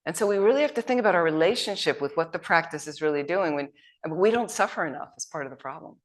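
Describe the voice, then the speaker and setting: Low-voiced woman giving a dharma talk. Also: animated, fast. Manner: anecdotal, conversational, acts out quotes. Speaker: Buddhist teacher.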